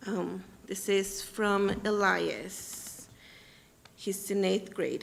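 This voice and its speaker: Halting mother at a school board podium. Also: medium pitch, steady tone, vocal fry. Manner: plain, slightly halting, with fillers. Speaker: parent speaking at public comment. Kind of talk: public comment at a school board meeting. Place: public meeting room at a podium mic.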